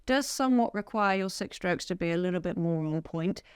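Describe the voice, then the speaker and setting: A woman's voice: lowish voice, expressive, brisk, clear, resonant tone, no room sound. A woman teaching a drum lesson, upbeat and counting beats aloud as she plays. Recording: music studio with loud drum kit.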